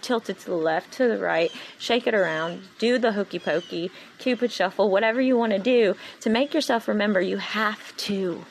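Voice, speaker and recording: Animated woman preaching on a podcast. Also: fairly low pitch, gravelly, a little hiss or hum, rough recording. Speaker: podcast host. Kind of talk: solo inspirational podcast monologue.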